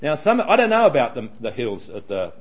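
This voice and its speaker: A man leads a Bible study in a chatty, wandering way, often restarting his sentences. His pitch swings widely, with lots of lift and drop. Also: wildly swooping pitch, a little fast. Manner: chatty, digressive, frequent restarts.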